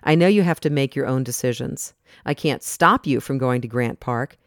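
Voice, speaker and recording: A reader voicing a serious, protective middle-aged father in a storybook, speaking in a measured way. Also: mid-range voice, no echo, clean studio sound, lightly acted. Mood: tender. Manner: measured, grave. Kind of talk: storybook narration.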